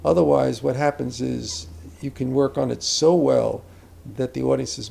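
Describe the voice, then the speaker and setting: A man's voice: medium pitch, fairly even intonation, normal speed, vocal fry, darkish tone, breathy edge. An older man, an acting teacher, speaking reflectively about character in a conversational interview, rambling with asides and restarts.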